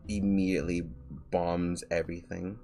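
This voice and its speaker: A man's voice: sits low, level tone, normal speed, mellow. A man streaming as a VTuber, chatting casually and ranting in an exasperated, rambling way with many restarts.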